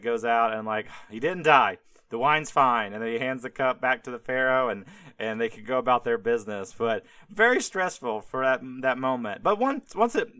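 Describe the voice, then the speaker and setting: A young man hosting a podcast, casually retelling Bible stories in a rambling way, full of "like" and quick laughs, slipping into voices for the characters. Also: medium pitch, sharp tone, clean tone, no room sound. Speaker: podcast host.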